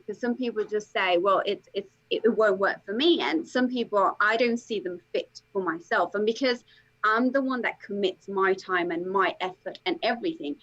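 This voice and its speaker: A woman coach talking as an interview guest, emphatic and animated, peppering her talk with "okay" and "like". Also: mid-range voice, lo-fi sound.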